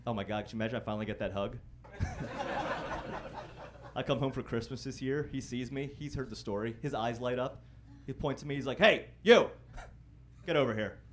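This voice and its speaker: A young man works a comedy club stage with a wry, self-deprecating delivery. His voice sits at an everyday middle pitch, and now and then he jumps into loud mock-singing or shouted impressions. A faint murmur of the club hangs behind him. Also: normal speed, long pauses, background noise. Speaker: stand-up comedian. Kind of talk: stand-up set. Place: comedy club stage before a live audience.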